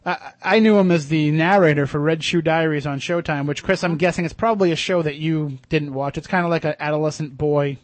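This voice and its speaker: A man's voice: on the high side, steady tone, dry recording. A man hosting a radio show in casual, rambling chat, often restarting his sentences. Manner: quick, chatty, rambling with restarts.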